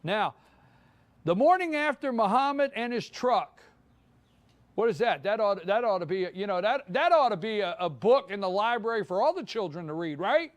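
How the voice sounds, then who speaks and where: Male morning-show host, emphatic and opinionated, very high and lively voice. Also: normal speed. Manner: fired-up, emphatic, repeats his points. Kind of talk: live opinion monologue. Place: live broadcast from a downtown spot.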